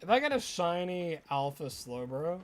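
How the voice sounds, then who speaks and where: Australian man with a slightly American edge, casual streamer chatting to viewers, high and bouncy pitch. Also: sing-song, moderate pace. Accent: Australian with some American. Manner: chatty, answers viewer questions as they come. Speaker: live streamer. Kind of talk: casual live-stream chat.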